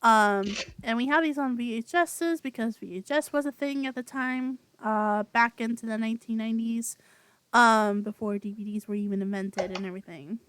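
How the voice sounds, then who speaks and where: A woman's voice: fairly high pitch, normal speed, fairly bright tone, clear, resonant tone. A woman co-hosting a podcast in casual chat, rambling with many fillers and frequent laughter, speaking over a home microphone on an online call. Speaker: podcast co-host.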